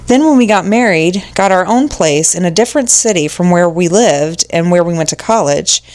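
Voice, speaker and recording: A woman with a lowish voice, speaking at normal speed, co-hosts a casual podcast, reading listener stories aloud and reacting in an animated way with exclamations and swearing.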